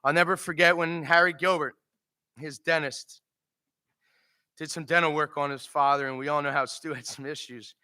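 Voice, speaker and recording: A man's voice: on the high side, steady tone, normal speed, sharp tone. A man giving an emotional eulogy for his father at a memorial service, telling funny stories and laughing through them.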